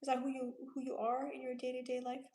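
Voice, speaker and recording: Late-20s woman from Romania, livestream host, high-pitched and relaxed, roomy echo. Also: fast talker. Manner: laid-back, chatty, reads comments aloud and answers them. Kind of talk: casual livestream chat reading viewer comments.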